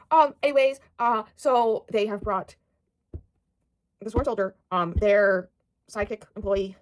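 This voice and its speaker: A woman's voice: mid-range voice, moderate pace. A young American woman chatting casually about books, rambling with lots of fillers and casual swearing. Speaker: book vlogger. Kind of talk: casual book chat.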